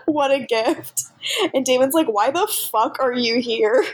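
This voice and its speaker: A woman co-hosts a podcast in a casual chat, her voice sitting a little high. She gushes about the show, swears freely and acts out quoted lines in quick bursts. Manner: gushing, profane, quotes characters in quick bursts. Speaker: podcast co-host.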